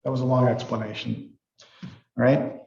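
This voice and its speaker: A man's voice: medium pitch, flat delivery, moderate pace, creaky, warm tone, echoey room, dull audio. A man giving a university psychology lecture in a casual, rambling way, full of fillers and restarts. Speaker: psychology professor.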